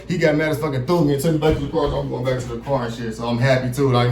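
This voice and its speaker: A man telling a story from his own life in a casual, animated monologue, swearing freely and acting out what other people said, in a room with some echo. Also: a little high, racing, hardly any pauses. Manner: animated, profane, acts out quotes of others. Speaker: vlogger telling a personal story. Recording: roomy echo.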